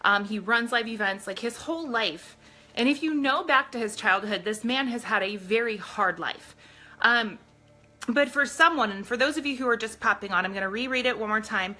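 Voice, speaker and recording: A woman's voice: a little high, normal speed, pushed and bright. A woman hosting a casual live stream, talking earnestly to her viewers and reading aloud from a book. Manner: earnest, addresses viewers directly.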